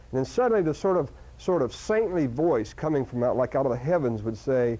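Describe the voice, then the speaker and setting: A man lecturing a live seminar audience in an animated way, jumping into sudden loud bursts and stumbling over restarts. His voice is dark and mellow, at an ordinary pitch. The sound is a dull, lo-fi recording. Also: a little fast, few pauses. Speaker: seminar speaker.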